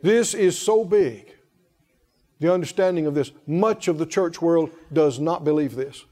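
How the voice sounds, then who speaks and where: A man's voice: fairly high pitch, measured pace, mellow, big-room sound. A man preaching a sermon with emphasis, calling on the congregation to answer him. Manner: emphatic, calls on the congregation to respond.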